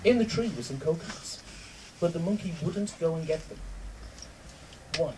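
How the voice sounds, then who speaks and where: A man's voice: on the high side, lively intonation, normal speed, noisy background. A man emceeing a comedy night, telling bad jokes to a live audience, laughing at himself and swearing. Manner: self-mocking, laughing at own jokes, swearing. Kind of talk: stand-up joke telling. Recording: distant mic, loud crowd.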